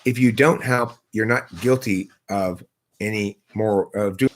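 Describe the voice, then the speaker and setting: A man's voice: on the low side, fairly even intonation, a little slow. A man hosting a live stream, arguing points in a lecturing way and posing rhetorical questions to himself, speaking into a laptop. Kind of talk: casual philosophical debate.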